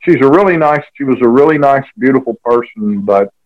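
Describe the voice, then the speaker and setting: A man rambles through a storytelling anecdote in an interview, his words full of fillers and restarts. The recording is dry and slightly dull, like lo-fi audio. His pitch sits in an ordinary middle range. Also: lively intonation, a little fast, no room sound. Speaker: author and guest.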